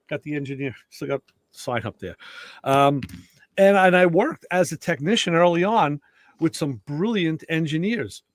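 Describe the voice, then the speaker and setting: A middle-aged man hosts a relaxed podcast chat and tells stories with energy, slipping into the voices of the people he quotes. His voice sits somewhat high for a man. The recording is close and dry. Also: no echo. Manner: storytelling, animated, acts out quoted dialogue. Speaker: show host. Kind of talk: casual podcast conversation.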